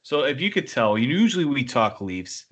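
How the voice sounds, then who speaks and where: A man talking sports on a podcast, rambling and filling pauses with "like". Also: mid-range voice, very animated, a bit bright. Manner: rambling, heavy use of "like". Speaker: podcast co-host and sports reporter. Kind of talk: casual chat.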